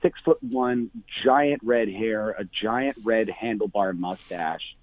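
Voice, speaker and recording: A bar owner talking casually on the phone, full of fillers and restarts. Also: male voice, fairly low pitch, slow pace, no room sound. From Canada. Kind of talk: phone interview. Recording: tinny phone line.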